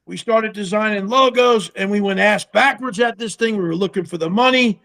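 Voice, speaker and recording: A man's voice: high voice, moderate pace. A man being interviewed, telling casual stories about starting a business and acting out the dialogue in them, with some salty language. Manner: animated storyteller who acts out quoted dialogue, salty language. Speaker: guest, pickle company co-founder.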